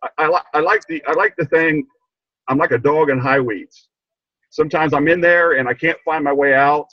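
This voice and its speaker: A man's voice: on the high side, normal speed, no room sound, lo-fi sound. An older man sharing a heartfelt personal story on a video call, stumbling and repeating himself, getting choked up. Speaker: training participant. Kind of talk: emotional personal testimony.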